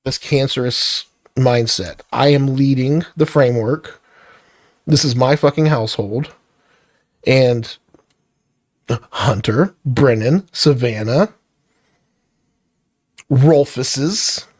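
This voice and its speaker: A man's voice: medium pitch, takes it slowly, pauses often, no room sound, studio quality. A middle-aged man venting in a blunt, profane, irritated personal vlog rant. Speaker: vlogger.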